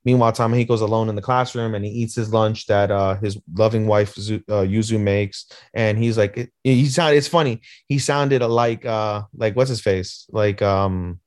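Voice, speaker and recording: A man with a somewhat low voice recaps an anime episode in loose, casual podcast chat. He acts out the characters' lines with big swings and swears freely. The sound is dry and close. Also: moderate pace, hardly any pauses, no room sound. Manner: animated retelling, acting out characters' lines with swearing. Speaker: podcast co-host.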